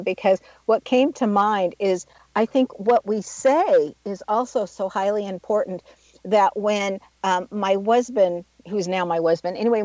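A woman's voice: mid-range voice, darkish tone, no echo. Chatty woman radio host, dry lo-fi sound. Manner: chatty, tells personal anecdotes, laughs easily. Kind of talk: casual radio interview. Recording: dry, dull lo-fi studio sound.

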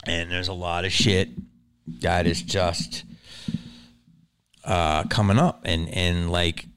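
A man hosting his own podcast, rambling in a casual, profane monologue that swings from mumbles to loud outbursts. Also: sits low, level tone, slow pace, slight background noise. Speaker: podcast host.

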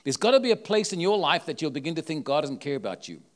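Animated preacher man with an accent. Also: fairly high pitch, quick pace. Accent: non-local accent. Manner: emphatic, full of rhetorical questions. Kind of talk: sermon.

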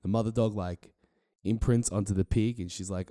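A man's voice: fairly low pitch, steady tone, moderate pace, warm tone, dry recording, clean studio sound. A man co-hosting a casual podcast, retelling a film loosely and swearing freely. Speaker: podcast co-host.

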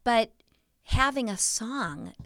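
A woman's voice: a little high, lively intonation, takes it slowly, fairly bright tone, no echo, clean studio sound. A woman co-hosting a casual chat show about hymns, enthusiastic and affirming. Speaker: co-host.

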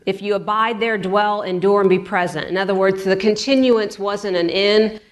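A woman's voice: mid-range voice, steady tone, moderate pace. A woman pastor preaching a sermon in a chatty way, repeating words for emphasis. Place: church.

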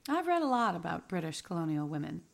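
A woman's voice: on the low side, very animated, fast, vocal fry. A woman playing an eager, curious novelist. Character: eager young woman novelist researching expats. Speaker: interviewer. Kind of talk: radio drama acting.

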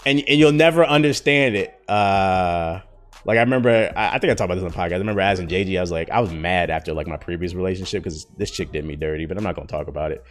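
Low-voiced man rambling casually. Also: fast. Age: 30s. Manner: slangy, rambling, frequent fillers. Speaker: podcast host. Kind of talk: casual chat.

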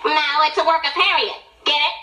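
A woman's voice: sits high, steady tone, a little fast, over loud music, close to an everyday voice. An actress playing a nerdy, goofy teen girl with a nasal put-on geek voice in a sitcom clip. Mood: goofy, pestering. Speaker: sitcom character. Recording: roomy TV clip audio.

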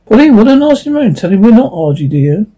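A man's voice: high voice, very animated, fairly quick, dark tone, slightly rough, pitched above the performer's own voice, exaggerated voice, poor audio. A man voicing a bold young woman companion who teases with a raised, mocking tone. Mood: teasing.

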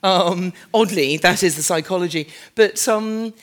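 A woman's voice: on the low side, unhurried. Chatty woman giving a live lecture. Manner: chatty and self-deprecating, with many "um"s and asides. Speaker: architect and author giving a lecture. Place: large former fruit warehouse event space.

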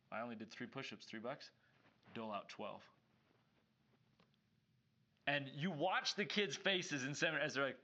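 A man's voice: on the high side, lo-fi sound. A man co-hosting a casual scripture discussion, a seminary teacher who acts out the voices in the stories he tells. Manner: animated storyteller who acts out dialogue. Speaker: podcast co-host and seminary teacher.

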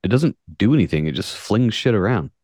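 A man's voice: on the low side, sing-song, fairly quick, a little mellow, no echo, clean studio sound. A man from the United States hosting a casual podcast, reading news stories aloud with sarcastic, profane asides. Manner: profane, jokey, reads articles with sarcastic asides. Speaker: podcast host.

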